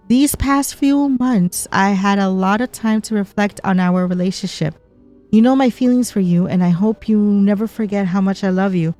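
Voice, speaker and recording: A woman's voice: mid-range voice, a little mellow. A woman streaming a mystery game, reading its letters aloud between chatty reactions. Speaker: gameplay streamer.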